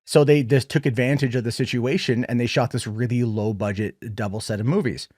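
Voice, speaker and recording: A man giving a casual, rambling film review, retelling scenes in an animated way. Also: medium pitch, fairly quick, no echo, studio quality.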